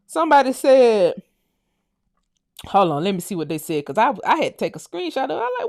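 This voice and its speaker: A woman with a Southern US accent hosting a casual livestream, ranting loudly, cursing and laughing as she talks. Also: on the high side, big pitch swings, fast. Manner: loud, profane and laughing. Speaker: livestream host.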